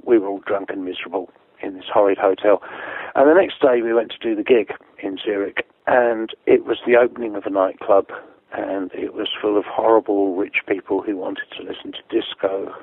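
A man's voice: lowish voice, fairly quick, phone-quality sound. A man telling a long, profane tour story in a casual way, laughing often and acting out what other people said. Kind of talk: casual anecdote, sweary storytelling.

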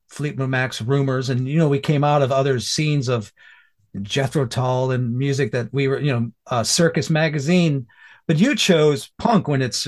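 A man interviewing a musician, asking long, searching questions full of restarts. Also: medium pitch. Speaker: interviewer, podcast host. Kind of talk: casual interview conversation.

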